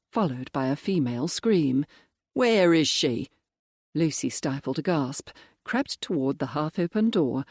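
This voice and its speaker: An audiobook narrator reading a period mystery in a measured, even manner. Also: mid-range voice, no echo, studio quality. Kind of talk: scripted narration.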